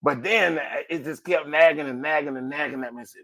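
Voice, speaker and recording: A male podcast host delivers a motivational monologue in a colloquial, sermon-like manner. His voice sits a little high for a man. He swings from loud exclamations to quiet asides. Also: fairly quick, few pauses, highs cut off. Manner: preachy, exclaims "ooh", big swings in pitch and volume; colloquial, addresses listeners as family.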